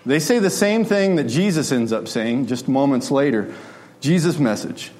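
A man preaches a sermon conversationally, often posing rhetorical questions to his listeners. His voice is medium-pitched and a little mellow, with lively intonation and a moderate pace.

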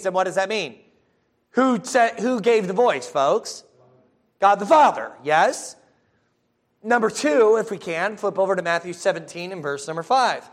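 A man preaching a sermon, reading scripture slowly and with emphasis, and often checking in with his listeners by asking "folks?" and "yes?". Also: high-pitched, expressive.

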